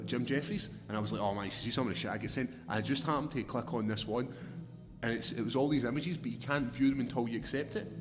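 A man's voice: mid-range voice, in a large hall. A man with a Scottish accent telling stories on a casual podcast, swearing and laughing as he goes. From Scotland. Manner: swearing, laughing, animated storytelling. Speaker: podcast guest, fighter.

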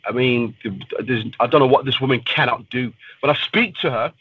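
A man's voice: mid-range voice, fairly quick, slightly rough. Blunt fighter man, lo-fi radio sound. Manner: blunt, swears freely. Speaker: pro fighter guest. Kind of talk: casual interview talk.

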